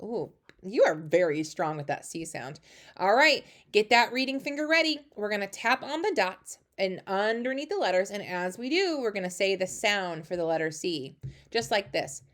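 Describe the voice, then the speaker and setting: A woman teaching a phonics lesson to young children, warmly encouraging with lots of praise. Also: medium pitch, moderate pace. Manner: encouraging, lively, sing-song praise.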